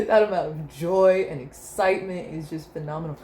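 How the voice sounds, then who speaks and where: A woman's voice: sits low, steady tone, brisk, warm tone. A young woman and mother talking through a reflective spoken diary, meandering and searching for words, often breaking into laughter. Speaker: mother keeping a video diary. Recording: roomy echo with faint room noise.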